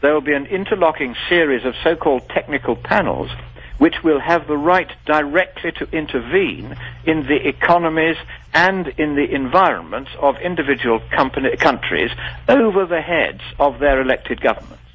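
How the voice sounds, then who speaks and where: A man's voice: on the high side, lively intonation, moderate pace, breathy edge. A man being interviewed on the radio, speaking in an articulate, formal and emphatic way. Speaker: guest. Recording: dull lo-fi radio broadcast.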